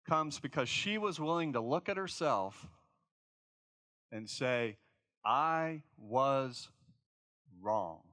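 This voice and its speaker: Bright-voiced, informal male pastor. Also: fairly high pitch, dry recording. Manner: informal, reflective, often checks in with "right?". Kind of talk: conversational sermon.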